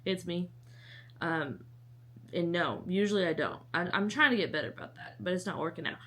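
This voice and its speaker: A woman's voice: on the low side, a little fast, pushed and bright. A young woman talks straight to the camera about her reading, chatty and rambling. She jokes at her own expense and drifts off into little asides. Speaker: book vlogger. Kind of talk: casual chat to camera.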